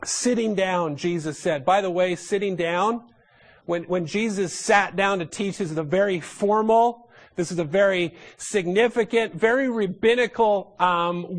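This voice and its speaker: A man's voice: high voice, unhurried. A man preaching a sermon as a pastor, talking through a passage with rhetorical questions to his listeners. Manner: animated, rhetorical questions to the congregation.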